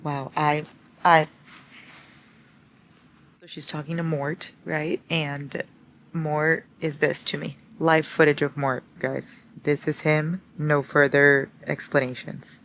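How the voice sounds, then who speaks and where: Young woman, book vlogger, casual chat, lowish voice, dramatic reactions, faint room ambience. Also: fairly even intonation, a little slow, a bit bright, slight background noise. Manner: chatty, swearing, dramatic reactions. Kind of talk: casual reading vlog. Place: home at night.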